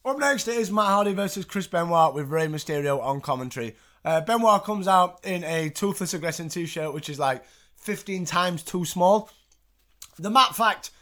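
A man's voice: on the high side, fairly bright tone. A man hosting, casually recapping wrestling with chatty asides and swearing. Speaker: podcast host.

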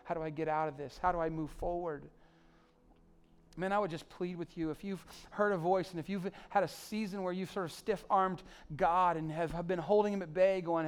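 A male pastor preaching a sermon, pleading with the congregation, surging to emphatic peaks and then dropping soft. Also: fairly high pitch, fairly even intonation, brisk, clean tone.

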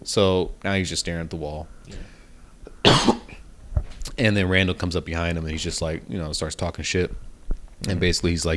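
A man's voice: low voice, steady tone, moderate pace, pauses often, fairly bright tone. A man in casual podcast chat, animatedly retelling a cartoon episode, acting out lines in raised voices and swearing casually.

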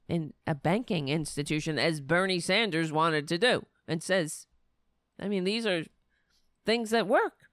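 A woman's voice: on the low side, fairly bright tone, no room sound, studio quality. A woman hosting a political commentary show, delivering an indignant, sarcastic monologue. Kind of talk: opinionated monologue.

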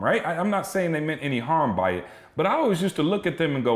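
A man in his thirties, a motivational speaker, telling stories as a podcast guest in an animated, emphatic way. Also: on the high side, quick pace, hardly any pauses, roomy sound. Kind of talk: energetic storytelling.

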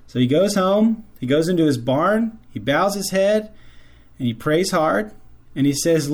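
A man's voice: a little high, expressive, unhurried, a little mellow. A man hosting a Catholic show, talking earnestly to fathers in a preaching style and repeating phrases for emphasis. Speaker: host of a Catholic faith show.

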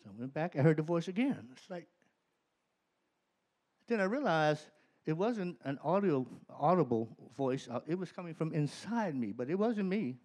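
A man with a high voice that swings up and down, giving his own testimony to a crowd. He tells it as a story, growing animated and laughing between phrases. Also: normal speed. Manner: animated, grows excited, often laughs mid-sentence. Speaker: speaker giving a personal testimony.

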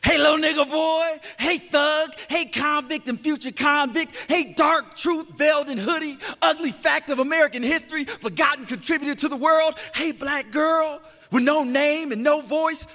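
A man voicing a personified bullet that taunts its victims in shouted, declaimed bursts. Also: very high voice, moderate pace, few pauses, full character voice. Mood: taunting. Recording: long hall reverb, faint music.

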